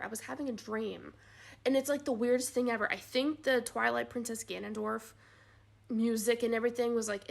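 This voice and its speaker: Chatty young woman with a gravelly voice. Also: a little high. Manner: animated, rambling with many "like"s. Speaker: vlogger. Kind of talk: casual storytelling.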